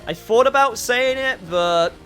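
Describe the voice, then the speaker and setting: Very high-pitched and animated yet unhurried, this man's fairly bright voice carries casual commentary on his game. He talks to chat and swears occasionally, with faint game music in the background.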